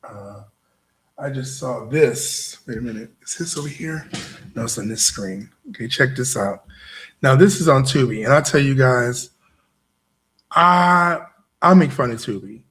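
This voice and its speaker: A man's voice: mid-range voice, animated, a little slow, fairly bright tone. A man hosting a show and giving a motivational talk to a live audience. He is emphatic and repeats himself, often tossing "right?" back at the crowd. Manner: emphatic, repetitive, keeps asking "right?". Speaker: show host.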